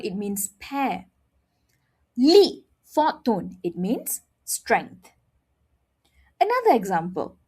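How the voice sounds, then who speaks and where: A woman's voice: fairly high pitch, a little mellow, husky. A woman teaching a beginner language lesson, speaking expressively and modeling sounds with exaggerated tones while checking in with her learners. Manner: repeats "all right?" to check understanding.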